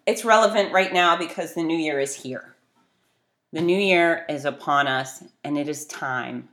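A woman's voice: sits low, measured pace, fairly bright tone. A middle-aged woman giving an emphatic, blunt motivational talk that urges listeners to act. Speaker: motivational speaker.

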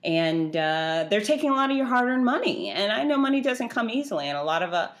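A woman's voice: medium pitch, very animated, brisk. A middle-aged woman hosting her own podcast, talking chattily and bluntly, ranting with feeling. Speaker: podcast host. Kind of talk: casual solo podcast monologue.

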